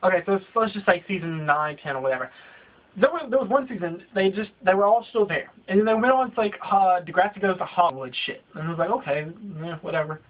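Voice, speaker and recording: A young man with a notably high voice rants at the camera, swearing freely and piling on exaggerated jabs. The sound is dull and lo-fi, like cheap home video audio. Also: animated, fast. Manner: profane, ranting, exaggerated. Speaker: vlogger. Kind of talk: comedic rant vlog.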